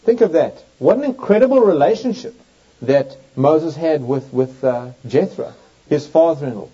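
A man preaches through a Bible passage, reading the old verses aloud with strong, rising emphasis. His voice sits fairly high and sounds mellow and warm. The recording is dull and lo-fi. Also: expressive, normal speed, slightly rough. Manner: reads scripture aloud with emphatic, swooping delivery. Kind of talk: Bible teaching sermon. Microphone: overhead projector in use, lecture setting.

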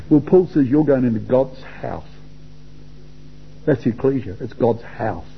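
In a dull lo-fi recording, an older Australian man leads an informal Bible talk for young men, chatting, repeating words and questioning his listeners. His mid-range voice is animated, gravelly and breathy at the edges, at normal speed with frequent pauses.

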